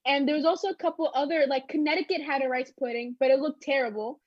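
A woman's voice: high-pitched, quick pace, dry recording. A British woman hosting a casual chat, chatty and teasing, laughing often. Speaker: podcast host. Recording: dull lo-fi dry mic.

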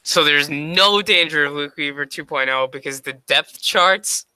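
A man's voice: a little high, unhurried, pushed and bright, clear, resonant tone, no room sound, low-quality recording. A man co-hosting a podcast in easygoing, joking chat. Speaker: podcast co-host. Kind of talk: casual sports podcast chat.

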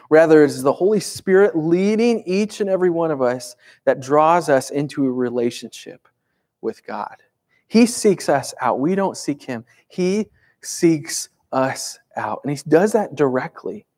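Pastor, man, slightly high voice, chatty emphatic sermon delivery. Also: lively intonation, normal speed, darkish tone. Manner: conversational, emphatic, asks rhetorical questions.

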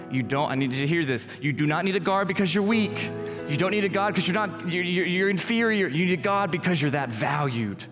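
A young adult male pastor giving a casual, joking sermon in a church hall. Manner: casual, joking preacher, lively swings in pitch. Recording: echoey church hall with music.

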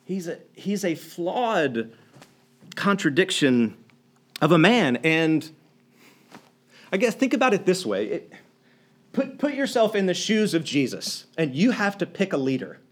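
Male preacher, slightly higher voice, conversational and animated storytelling sermon. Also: a little slow, pauses often. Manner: animated, acts out quoted lines, many restarts.

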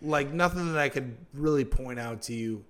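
A man's voice: medium pitch, moderate pace. Man, podcast co-host, casual chat, profane, rambling storyteller. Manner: loose, profane, storytelling with quoted voices.

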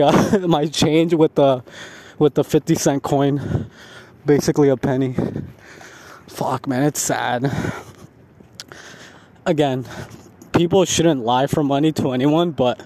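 A man tells a heated story outdoors, cursing freely as he rants. His voice sits a little high, and faint city traffic hums behind him. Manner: heavy profanity, animated ranting with laughs. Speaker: vlogger. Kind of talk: casual ranting storytime.

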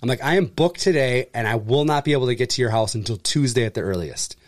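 A man telling a story in casual chat, acting out the people in it with jumps in voice and plenty of swearing. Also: fast talker. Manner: animated, acts out quoted people with pitch jumps, swears freely. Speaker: furniture delivery and service worker.

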